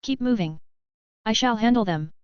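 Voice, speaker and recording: A woman's voice: on the high side, lively intonation, normal speed, clear, resonant tone, no echo, lightly acted. A woman voicing a proud female spirit warrior who gives commands in archaic speech, on slightly dull lo-fi audio. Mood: commanding.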